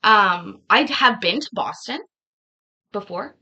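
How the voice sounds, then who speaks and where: Canadian woman, streamer host, slow unhurried delivery, playful and laughing. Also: medium pitch, animated, sharp tone, breathy edge, highs cut off. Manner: laughing, playful, mock-arguing about pronunciation. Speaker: livestream host. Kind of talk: casual chat with live viewers.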